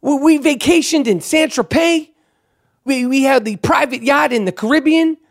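A man's voice: very high voice, normal speed, pitched above the performer's own voice. A man putting on a confused male basketball superstar who defends his friend. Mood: bewildered. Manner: bewildered, protesting.

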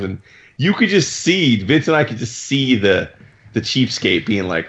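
A man's voice: on the low side, normal speed, muffled recording. A man co-hosting a casual podcast chat, telling stories and acting out what others said. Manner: animated storyteller, acts out others' lines. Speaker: podcast co-host.

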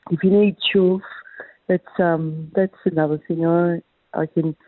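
A woman's voice: on the low side, steady tone, a little slow, no room sound. A woman voicing a rambling, spacey hippie auntie calling in, with a dry hacking cough. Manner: meandering, vague, spacey. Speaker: caller. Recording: tinny phone line.

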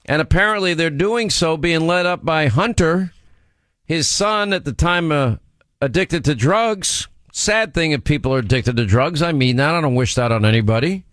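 A man hosting a political talk radio show, pressing his points with emphasis and wandering between them. His voice sits slightly high for a man. The studio sound is close and dry. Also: expressive, moderate pace, a bit bright, no echo. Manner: emphatic, digressive, teasing banter.

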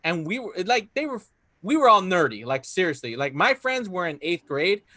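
Bright-voiced man chatting. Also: sits high, very animated, moderate pace, dry recording, clean studio sound. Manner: laid-back storytelling with lots of fillers and Spanish phrases. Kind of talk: casual chat.

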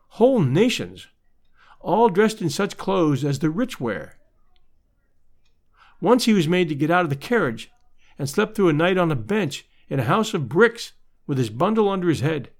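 Male narrator, fairly high voice, lively rise and fall, measured literary storytelling.

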